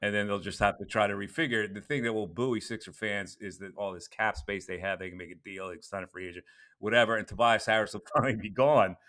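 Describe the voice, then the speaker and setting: A man hosting a casual post-game sports podcast, animated and mocking when he rants. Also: quick pace. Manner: animated, mocking, raises pitch when ranting. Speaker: sports radio podcast host.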